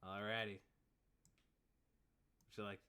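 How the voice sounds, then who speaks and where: A man's voice: fairly low pitch, flat delivery, takes it slowly, sharp tone, clean tone. A man narrating as game master of a tabletop game, laid-back and full of fillers.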